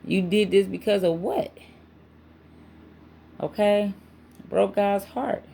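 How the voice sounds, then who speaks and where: A woman's voice: medium pitch, slow pace, creaky, dark tone, breathy edge. A woman giving a casual spiritual tarot reading to her channel, chatty and emphatic, with frequent asides. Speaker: tarot reader.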